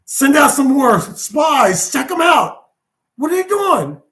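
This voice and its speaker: A man's voice: very high-pitched, very animated, slow, sharp tone, pitched above the performer's own voice, exaggerated voice. A man playing a panicked enemy camp commander who demands answers and grows exasperated. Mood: demanding.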